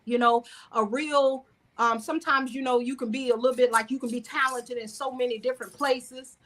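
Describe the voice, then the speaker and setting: A Southern American woman who writes screenplays and sings talks loosely about her work as a guest in a casual interview. Her voice sits high and fairly bright, with fairly even intonation and a fairly quick pace. She rambles through restarts, asides and plenty of "you know."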